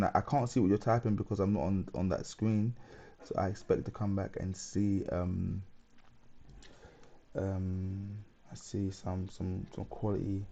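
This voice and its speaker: Man, stream host, chatty and rambling, mellow dark tone, gravelly. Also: sits low, highs cut off, a little hiss or hum. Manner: rambling, chatty, reads viewer comments aloud. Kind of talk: casual live stream chat.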